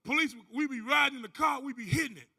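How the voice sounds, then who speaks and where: High, gravelly, animated man. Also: fast talker. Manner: animated storyteller, acting out other voices and whooping. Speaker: conference speaker. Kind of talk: motivational testimony to a live audience. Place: conference stage.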